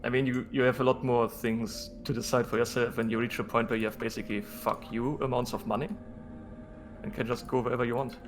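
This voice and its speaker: A man's voice: mid-range voice, little pitch movement, a little fast. Brief: teasing male gamer, casual talk, faint music in the background. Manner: joking, teasing. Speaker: gaming companion. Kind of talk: casual chat while gaming.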